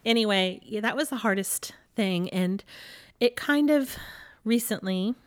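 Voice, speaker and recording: A woman's voice: medium pitch, unhurried. A woman in her forties sits in casual conversation with her husband, speaking candidly about hard years. She tells her stories with animation, acting out old exchanges and laughing along the way. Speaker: podcast co-host, ministry leader.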